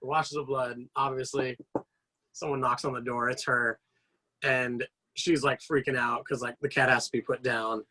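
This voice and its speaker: A man's voice: medium pitch, normal speed. A man guest on a podcast, telling long casual stories with many fillers and restarts. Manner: animated rambling anecdotes with frequent fillers. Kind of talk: casual storytelling chat.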